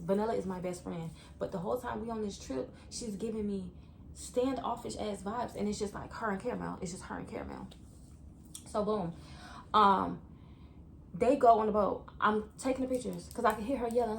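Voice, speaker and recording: A young woman vlogger telling a story to her viewers in a chatty, animated way. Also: mid-range voice, fairly quick, gravelly, a little hiss or hum. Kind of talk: story time vlog.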